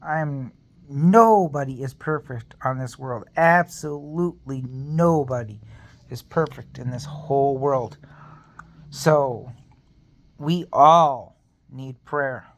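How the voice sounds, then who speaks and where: A man's voice: mid-range voice, slow. A man talking to camera in a personal vlog, earnest and rambling as he shares a faith testimony and speaks openly about being in pain. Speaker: vlogger.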